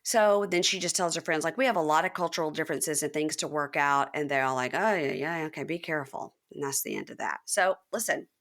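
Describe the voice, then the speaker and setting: A woman's voice: low voice, a little fast, few pauses, fairly bright tone. A woman hosting a podcast, chatting casually and animatedly as she recaps a reality TV episode and acts out what people said. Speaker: podcast host.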